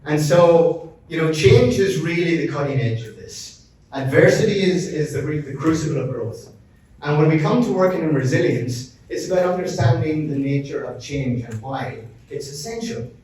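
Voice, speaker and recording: Irish guy presenting a seminar, kinda high voice, joking around, big echoey room, mic far off. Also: expressive, moderate pace, darkish tone, a little hiss or hum. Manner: upbeat, joking, addresses audience by name. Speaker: resilience consultant presenting a session. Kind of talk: live seminar talk. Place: large event room. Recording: very roomy, mic at a distance.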